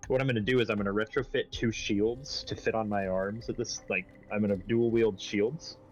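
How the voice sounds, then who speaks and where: A man's voice: fairly low pitch, fairly even intonation, a little fast, darkish tone, dull audio. A man playing in the tabletop game, eagerly rambling about his character's build in casual chat. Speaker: player.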